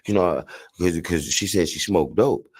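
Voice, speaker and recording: Interviewee, man with an LA accent, very deep voice, loose street-slang storyteller who curses freely. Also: measured pace, husky. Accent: Los Angeles. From South Central Los Angeles. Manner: slangy, rambling, profane, acts out voices loudly.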